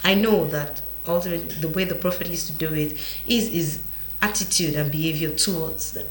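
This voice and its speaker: Female talk show host, lower pitch, measured questioner, faith panel, roomy echo. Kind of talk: faith-based panel discussion. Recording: echoey room.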